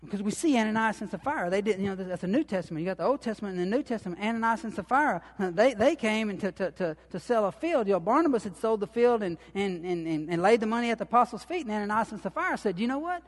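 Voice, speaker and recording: Man, lay preacher, folksy and repetitive, high voice ringing in a reverberant hall. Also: lively intonation, fast, hardly any pauses. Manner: folksy, repetitive, rising to emphatic bursts. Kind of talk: sermon.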